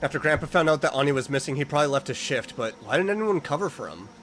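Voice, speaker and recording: A man's voice: fairly high pitch, lively intonation, racing, fairly bright tone, a little hiss or hum. A man playing a horror video game and commenting as he goes, talking to the characters and yelping when startled. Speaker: let's-play host.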